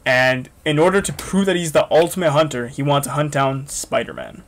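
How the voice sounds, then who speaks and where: A young man hosting a reaction video, excitable and swearing often in casual commentary. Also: a little high, a little fast.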